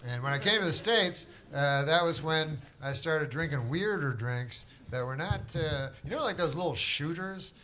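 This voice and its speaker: A middle-aged man from Canada doing stand-up crowd work, with rambling, deadpan, drawling storytelling. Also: on the high side, moderate pace, hardly any pauses. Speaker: stand-up comedian. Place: comedy club stage. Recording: live club set with a loud crowd. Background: audience laughter.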